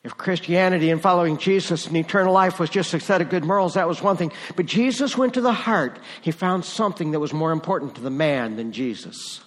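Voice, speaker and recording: A pastor delivers a sermon in a conversational way, now and then lifting into emphatic, driving stretches. His voice sits somewhat high for a man. The sound carries a long reverb tail from the church space. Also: a little fast, few pauses. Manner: conversational preaching with rising emphasis.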